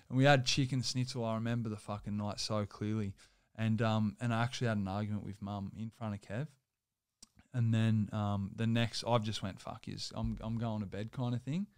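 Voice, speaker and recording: A man's voice: on the low side, darkish tone, clean tone, no room sound, studio quality. A young man, telling a personal story as a guest in loose, rambling casual talk full of swearing and filler words.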